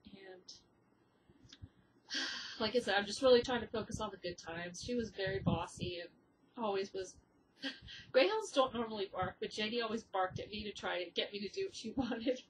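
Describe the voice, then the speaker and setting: A woman's voice: mid-range voice, normal speed, pauses often, background noise. A woman hosting a knitting podcast, talking casually with frequent ums and uhs, teary and grieving. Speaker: podcast host. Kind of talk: casual chat.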